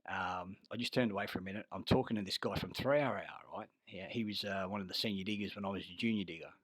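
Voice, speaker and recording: Speaking fast in a low voice with no room sound, an Australian army veteran tells rambling, profane personal stories. He often loses the thread and turns loud and heated recounting a fight.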